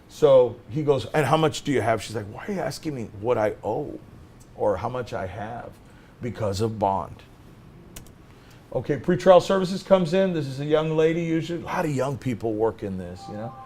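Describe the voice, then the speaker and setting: A middle-aged man teaching a class as a lawyer, telling stories and acting out both sides of the conversations in an animated way. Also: mid-range voice. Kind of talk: lecture with acted-out anecdotes.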